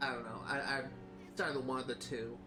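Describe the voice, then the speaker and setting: A man's voice: mid-range voice, steady tone, fast, over music, poor audio. A man streaming a video game, chatting casually in a rambling, hesitant way with many fillers and restarts. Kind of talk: casual commentary while gaming.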